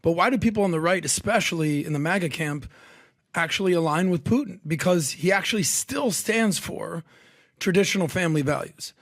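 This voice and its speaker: A man on a talk panel, posing questions and thinking them through out loud. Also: high-pitched, a little fast, no room sound, studio quality. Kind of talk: casual talk show discussion.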